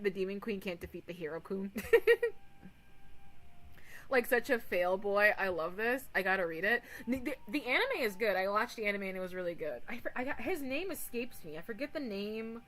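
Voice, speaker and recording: Bright-voiced rambling woman streamer. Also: medium pitch, a little fast, a little hiss or hum, rough recording. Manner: rambling, animated, swears and giggles. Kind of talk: casual livestream chat.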